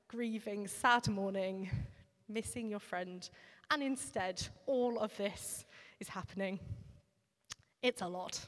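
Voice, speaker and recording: A woman giving a sermon in a reflective, conversational way, now and then pausing with fillers. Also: mid-range voice. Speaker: preacher. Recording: long reverb of a large hall.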